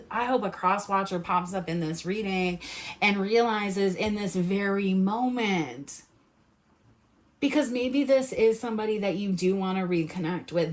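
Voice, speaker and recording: A woman with a New England accent doing a casual tarot reading to camera, animated, acting out the lines she imagines people saying and swearing freely. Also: mid-range voice. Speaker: tarot reader.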